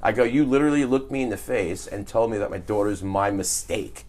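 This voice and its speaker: A man's voice: on the low side, a little fast, a little mellow. A man telling a story in casual, profane podcast chat. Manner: storytelling, profane, laughs often. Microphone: phone.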